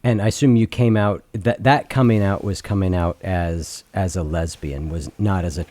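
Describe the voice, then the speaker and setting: A man hosting a podcast interview, asking thoughtful questions and often pausing to search for words. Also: deep voice, warm tone, no echo. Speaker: podcast host. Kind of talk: interview conversation.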